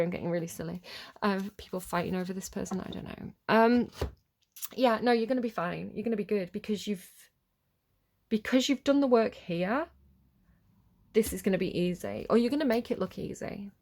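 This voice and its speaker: A woman's voice: mid-range voice, brisk. Chatty, rambling woman reading tarot. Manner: chatty, rambling, easily distracted, apologetic. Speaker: tarot reader. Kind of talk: casual tarot reading to camera.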